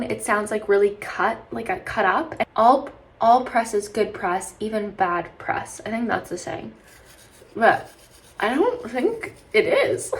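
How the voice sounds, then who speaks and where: Young woman, vlogger, higher-pitched voice, chatty and rambling, sleep-deprived, faint hum behind. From British Columbia, Canada. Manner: chatty, rambling, frequent "like" and restarts. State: tired from lack of sleep. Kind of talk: casual vlog talk to camera.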